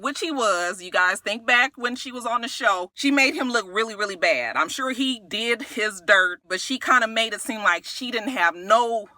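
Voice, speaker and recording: A woman giving a casual, profane recap of a reality TV episode, animated and quick, acting out the cast's lines with big jumps in pitch. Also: no room sound.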